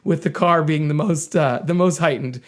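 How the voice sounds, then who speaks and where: Thoughtful man, slightly high voice. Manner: thoughtful, halting restarts. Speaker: podcast co-host. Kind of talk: casual film discussion.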